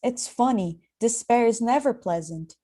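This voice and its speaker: A woman's voice: a little high, lively intonation, a little slow, warm tone, voice pushed up. A woman reading as a sleepy, bitter woman on the phone. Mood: probing.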